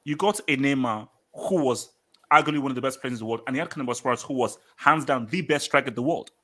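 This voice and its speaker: An animated British man hosting a football talk stream and arguing with his chat. His voice has a bright, forceful edge, and he hammers his points home by repeating them. He speaks at an ordinary, mid-range pitch. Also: fast talker. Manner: emphatic, argumentative, repeats points for effect. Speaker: host of a football show reading live chat.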